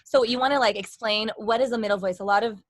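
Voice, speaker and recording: A woman's voice: on the high side, fairly even intonation, fast, no room sound. A young adult woman vocal coach giving a casual, rambling lesson with demonstrations.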